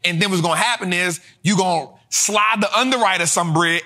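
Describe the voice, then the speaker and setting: A man hosting a street-style finance lesson, talking in slang, repeating his points emphatically and bursting into shouts. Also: high voice, brisk, hardly any pauses. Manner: emphatic and repetitive, drilling points home. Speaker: host.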